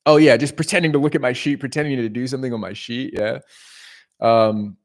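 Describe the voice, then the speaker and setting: A young man rambles through a story on a livestream. He curses freely, interrupts himself and keeps checking in with his viewers. His pitch sits in the middle of the usual range for a man. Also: steady tone, a little fast. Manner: rambling, profane, self-interrupting with "right?". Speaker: leasing agent streaming to viewers.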